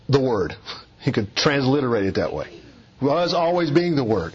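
A man's voice: medium pitch, moderate pace, husky, highs cut off. A man preaching an expository sermon, emphatic and repeating key phrases for weight.

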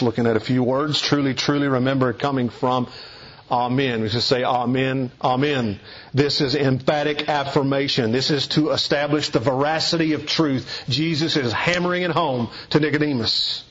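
A pastor from East Kentucky with a Southern accent, preaching an expository sermon in an earnest, emphatic, deliberate teaching cadence. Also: male voice, mid-range voice, fairly even intonation, fairly bright tone. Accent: Eastern Kentucky Southern US. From East Kentucky, USA. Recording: dull lo-fi recording.

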